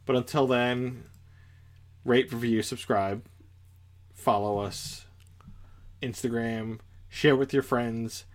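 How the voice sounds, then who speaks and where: Male podcast co-host, mid-pitched, hesitant, keeps circling back in loose casual chat. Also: fairly even intonation, takes it slowly, pauses often. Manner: hesitant, circles back while arguing a point.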